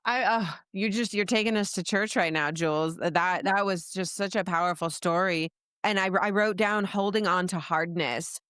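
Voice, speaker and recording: A woman's voice: on the low side, moderate pace, fairly bright tone, smooth, dry recording, studio quality. A woman hosting an interview podcast, asking thoughtful questions and reflecting back on her guest's words. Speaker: podcast host.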